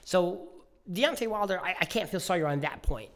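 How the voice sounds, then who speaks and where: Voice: medium pitch, lively intonation, normal speed, fairly bright tone. A podcast co-host in a casual boxing chat, rambling and stumbling over repeated words, with a teasing edge.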